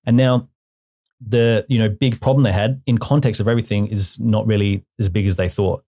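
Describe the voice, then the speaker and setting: A man's voice: lowish voice, steady tone, brisk, warm tone. A male hypnotherapy trainer, a guest on the podcast, explaining his methods with humor in a casual interview.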